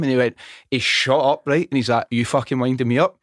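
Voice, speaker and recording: A middle-aged Scottish man chatting on a podcast, telling an animated, sweary story and acting out the dialogue. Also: medium pitch, quick pace, dry recording, clean studio sound. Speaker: podcast guest. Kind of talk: casual chat. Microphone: studio microphone.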